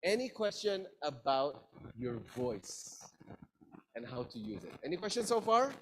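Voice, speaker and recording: A male lecturer runs an interactive class at a slow, easy pace. His voice is lively and sits a little high, and he stretches words out playfully to show emphasis. A faint noise is heard behind him. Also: rough recording. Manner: playful, drawn-out emphasis, asks the class questions.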